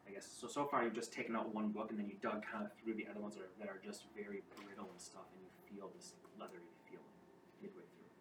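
A man narrating as game master of a tabletop game, with halting, restarting descriptions. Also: lowish voice, level tone. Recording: roomy, distant mic with clear background noise.

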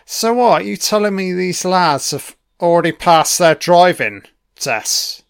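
A man's voice: sits high, expressive, slow pace, vocal fry, smooth, no room sound, studio quality. A man doing a casual, crude solo commentary on a film, swearing freely and tossing asides to the listener.

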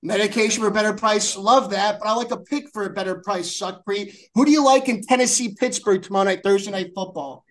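High-voiced, excitable podcast host man. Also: brisk, few pauses. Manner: excitable, heavy profanity, rambling restarts. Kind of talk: casual sports podcast banter.

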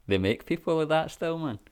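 A man's voice: fairly high pitch, a little mellow, clean tone. A Scottish man giving laid-back, sweary reaction commentary with lots of ums and chuckles. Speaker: vlogger.

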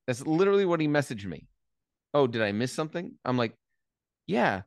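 A man's voice: mid-range voice, very animated, quick pace, smooth, no echo, clean studio sound. A man hosting an interview, telling his own story in a rambling casual way with restarts. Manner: rambling, restarts, swears when worked up. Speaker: interviewer, host. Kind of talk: casual chat and anecdote.

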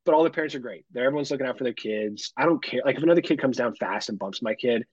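A man co-hosting a podcast, telling a story in casual chat, animated and full of swearing. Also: mid-range voice, racing, slightly rough, no echo. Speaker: podcast co-host. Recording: dull lo-fi sound.

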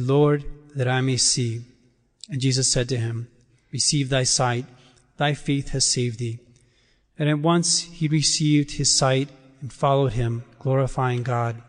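A man preaching in a church, his voice trailing off into a long hall reverb. He speaks in a measured, emphatic way with deliberate pauses. His pitch sits in an ordinary middle range for a man. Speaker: priest. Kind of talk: liturgical reading and sermon.

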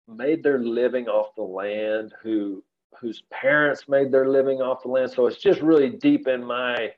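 A man's voice: medium pitch, muffled recording. A man from Central Texas, a rancher guest on a podcast, talking in an earnest, folksy, rambling way from his office. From Central Texas, USA. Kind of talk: relaxed podcast conversation.

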